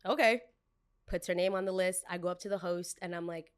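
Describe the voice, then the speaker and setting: Young woman, podcast host, lively storyteller who voices the people she quotes. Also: mid-range voice, brisk. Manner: animated, acts out quotes with shifting voices.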